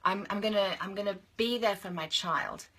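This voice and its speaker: A young woman delivers a fired-up motivational talk to her audience of women. Her voice has a breathy, husky edge, yet it cuts through with a bright, tense push. She leans on repetition to drive each point home. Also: mid-range voice, normal speed. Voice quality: passionate, emphatic, repeats phrases for force. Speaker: women's business coach. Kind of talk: motivational monologue to camera.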